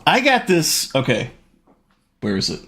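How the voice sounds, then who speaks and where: A middle-aged man chatting casually on his stream, telling stories in an animated, rambling way. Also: measured pace, slightly rough. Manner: animated, rambling storytelling with big pitch jumps and laughs.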